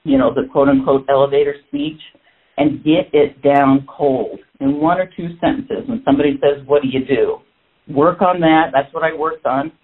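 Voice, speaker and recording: A middle-aged man telling a personal story in a lively, self-mocking way, jumping up in pitch for emphasis. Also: moderate pace. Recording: tinny phone-like audio.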